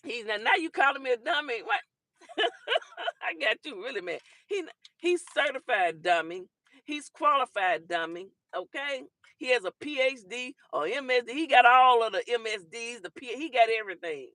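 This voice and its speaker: A woman hosts a casual livestream talk show, answering her chat in a teasing, animated way. Her voice is bright and forceful. The sound is close and dry, with no room around it. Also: fairly high pitch, fairly quick, few pauses, no echo. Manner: teasing, animated, laughs often.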